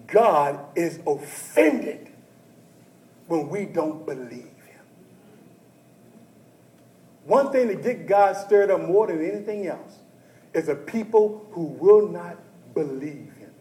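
A male pastor preaching a sermon who talks straight to the congregation and swings from hushed talk to shouting. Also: sits high, expressive, takes it slowly, pauses often, roomy sound, low-quality recording. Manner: addresses the congregation directly and often.

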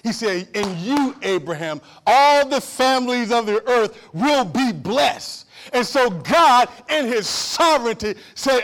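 A male pastor preaching a sermon, calling out for amens and swinging from loud outbursts to low hushed asides. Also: lively intonation, unhurried, hardly any pauses. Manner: repeats and restarts phrases, calls for amen.

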